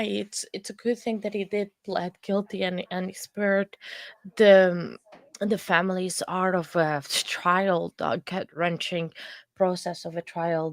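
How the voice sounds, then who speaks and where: Low gravelly woman on a live stream, earnest and emotional, lots of ums and restarts. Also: no echo. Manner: halting, lots of fillers and restarts. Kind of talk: casual chat with live viewers about a court case.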